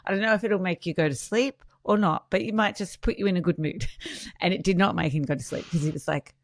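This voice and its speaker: A woman's voice: fairly low pitch, fast talker. A woman with an Australian accent hosting a podcast interview, laughing often as she tells a story. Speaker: podcast host. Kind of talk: casual interview chat.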